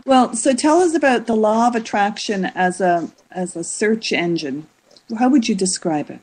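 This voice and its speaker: A woman's voice: medium pitch, lively intonation, normal speed, a little mellow. A woman hosts a casual podcast interview in a mid-range voice. She asks curious questions and sums up what her guest has said before moving on. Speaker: podcast host.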